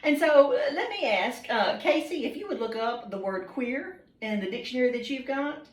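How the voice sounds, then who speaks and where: A woman's voice: a little high, animated, moderate pace. A woman teacher, patiently questioning students by name in a classroom, with frequent ums. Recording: roomy classroom, mic far off.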